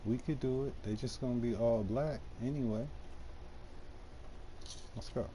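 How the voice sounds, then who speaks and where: A man's voice: mid-range voice, unhurried, mellow, a little hiss or hum. Laid-back man chatting on a game stream. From Detroit, USA. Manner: laid-back, slangy, talks while playing. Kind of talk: casual live-stream chat while gaming.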